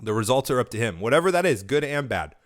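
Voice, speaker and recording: A man's voice: mid-range voice, sing-song, fast. This is a man hosting a podcast by himself, speaking in a casual, rambling way. He corrects himself mid-phrase and drifts between thoughts. A cold he is getting over has left his throat dry. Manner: rambling, self-correcting, conversational. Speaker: podcast host. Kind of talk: casual solo podcast commentary.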